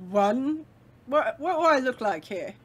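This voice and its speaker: A woman voicing a grumpy, greedy male lumber merchant who haggles gruffly. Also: high-pitched, expressive, a little slow. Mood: grumpy haggling. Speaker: game master.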